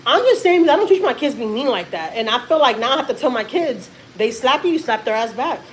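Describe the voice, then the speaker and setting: A woman's voice: high voice, sing-song, quick pace, slight background noise, rough recording. A woman in her thirties from Texas, a mother telling a family story in a rambling, emphatic way on a casual live stream.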